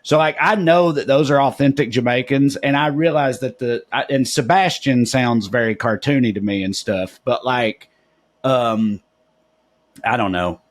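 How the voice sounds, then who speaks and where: A man from Tennessee with a Southern accent, co-hosting a podcast in rambling, halting casual talk. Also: mid-range voice. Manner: rambling, halting, restarts thoughts. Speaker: podcast co-host.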